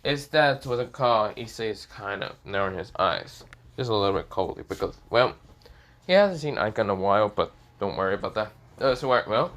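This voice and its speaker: A man's voice: lowish voice, animated, normal speed, fairly bright tone. A man improvising a fan story aloud, rambling and hesitant, with many fillers.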